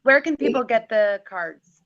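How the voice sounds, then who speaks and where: A woman's voice: fairly high pitch, animated, measured pace. A woman interviewer asking a guest questions and praising her, in an admiring way. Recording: dull, lo-fi sound.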